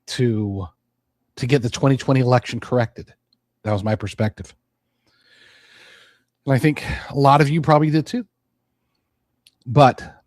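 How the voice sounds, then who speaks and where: A male podcast host talking in a loose, rambling monologue and often restarting his sentences. His voice sits at an ordinary middle pitch. The recording is dry and close, with no room sound. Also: a little mellow, no room sound. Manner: rambling, conversational, with frequent restarts. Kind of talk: casual political monologue.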